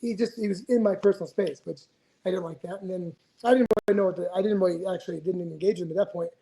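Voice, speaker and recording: High-voiced fast-talking man telling stories. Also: warm tone, slight background noise, poor audio. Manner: profane, rambling, many restarts. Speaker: guest, retired fighter. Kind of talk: casual storytelling interview.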